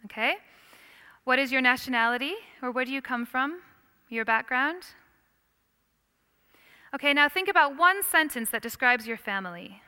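A woman giving a lively Christian lecture on worldviews, questioning her audience as she teaches. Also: sits high, normal speed, long pauses, smooth. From United States. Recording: long hall reverb.

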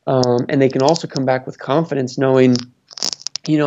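A man's voice: medium pitch, fairly even intonation, normal speed, dark tone. A man advising on family businesses, speaking thoughtfully with many fillers and restarts. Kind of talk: conversational interview answers. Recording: dull lo-fi sound.

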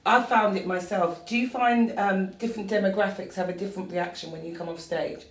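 A woman's voice: medium pitch, fairly even intonation, a little fast. Thoughtful woman comedian hosting a chat. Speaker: comedian and host. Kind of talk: casual chat, asking questions. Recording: roomy sound, mic at a distance.

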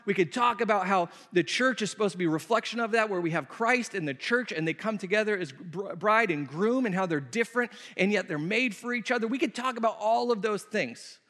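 High-voiced preaching man in a hall. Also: animated, brisk, hardly any pauses, a bit bright. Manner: conversational, emphatic, repeats phrases. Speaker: pastor. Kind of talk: sermon Q&A. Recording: long reverb of a hall.

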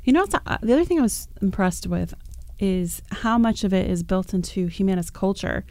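Chatty woman on a podcast, mellow low voice, lots of "like" and "um", dry sound. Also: a little fast, no room sound. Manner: animated, chatty, full of fillers. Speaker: podcast guest. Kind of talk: casual podcast storytelling.

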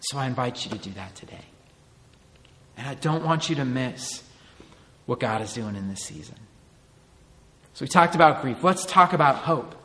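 A man's voice: mid-range voice, animated, normal speed, long pauses, sharp tone, big-room sound. A man in his thirties, a pastor giving an earnest, conversational sermon full of rhetorical questions.

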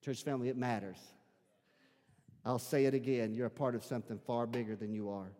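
Squeaky-voiced Arkansas pastor preaching. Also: male voice, steady tone, brisk, big-room sound. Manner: swings from shouted preaching to quiet, intimate talk. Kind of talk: sermon. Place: church sanctuary.

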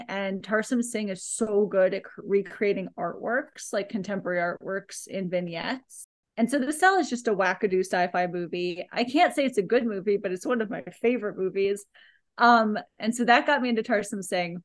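A woman co-host talks in a casual, animated way, piling on "like" as she tells a long story. Her pitch sits in the middle range. The recording is close and dry, with no room sound. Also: dry recording. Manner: animated, chatty storytelling with lots of "like". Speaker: podcast co-host. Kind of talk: casual chat, recommending a film.

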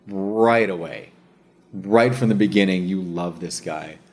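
A man hosting a casual chat, telling a story with energy, swearing and acting out what others said. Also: low voice. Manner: animated, slangy storyteller who swears and says dude and bro; acts out others' words in quick asides.

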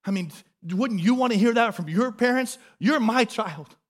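A man preaching a sermon, a parent, with animated delivery, repeated refrains and acted-out quotes. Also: extremely high pitch, moderate pace. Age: adult, a parent. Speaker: pastor.

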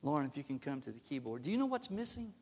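A man's voice: on the high side, very animated, fast, breathy edge, long reverb tail. A male pastor preaching a sermon, emphatic, often asking the congregation questions. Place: church sanctuary.

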